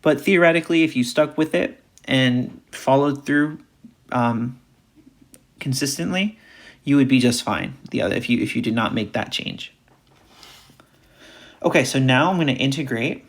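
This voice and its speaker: A man's voice: mid-range voice, moderate pace, long pauses. A man teaching a recorded math lecture, talking through each step aloud and repeating key points. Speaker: math instructor.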